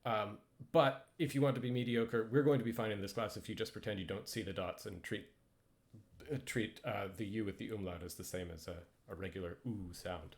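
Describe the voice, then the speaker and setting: A man's voice: lowish voice, fairly even intonation, fairly quick. Hesitant man teaching with many ums. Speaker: language instructor. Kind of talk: casual lecture with slides.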